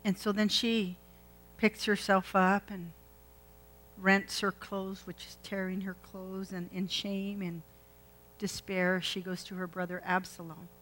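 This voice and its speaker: A woman's voice: medium pitch, level tone, a little slow, a bit bright, rough recording. A woman preaching a sermon, retelling a scripture story in a chatty way and putting questions to the congregation. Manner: conversational, asks the congregation questions.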